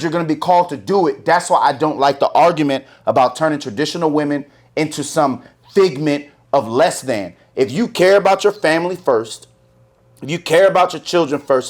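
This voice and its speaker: Emphatic, swearing man host on a podcast. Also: a little high. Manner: emphatic and profane, lecturing in long rants. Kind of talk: casual podcast chat.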